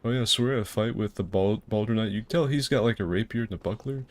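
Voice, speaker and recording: A young man from Florida rambles through casual gameplay commentary, cracking crude jokes as he plays. His voice sits very deep and low. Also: quick pace. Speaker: gaming video host.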